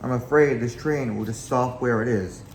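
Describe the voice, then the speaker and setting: A man's voice: medium pitch, moderate pace, slight background noise, close to an everyday voice. A man reading a storybook aloud, voicing a polite but stern male train guard. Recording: echoey room, faint background.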